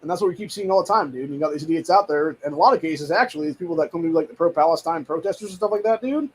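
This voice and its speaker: A man's voice: a little high, rapid-fire, hardly any pauses, slightly rough, low-quality recording. A man hosting a show, ranting in a heated, profane, rambling way and saying "dude" often. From United States. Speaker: show host. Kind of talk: casual political rant.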